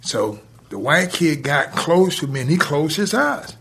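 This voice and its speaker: A man's voice: fairly high pitch, big pitch swings, creaky, a bit bright, slight background noise. A man telling a long personal story as a podcast guest, with lots of "he said" and "I said.". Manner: drawn-out storytelling with repeated "he said".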